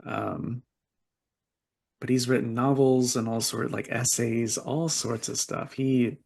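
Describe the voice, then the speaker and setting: Gravelly-voiced man chatting on a podcast. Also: medium pitch, steady tone, slow pace, darkish tone. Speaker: podcast co-host. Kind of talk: casual chat.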